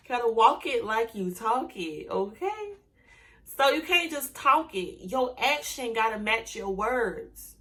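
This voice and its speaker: A young adult woman vlogger giving a motivational talk to camera about her hair business, emphatic and direct, slowly repeating affirmations and ending points with "okay?". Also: fairly high pitch, a bit bright.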